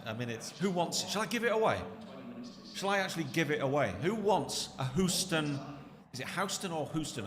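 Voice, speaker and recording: Dry wisecracking co-host. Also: male voice, medium pitch. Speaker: stream co-host. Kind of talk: live football watchalong. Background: football match crowd on the telly.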